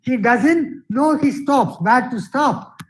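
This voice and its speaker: A man's voice: very high-pitched, lively intonation, slow pace, slight background noise, rough recording. A middle-aged man giving a workshop lecture on voice training, repeating his phrases and often saying "you see". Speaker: guest speaker, theatre director and English professor.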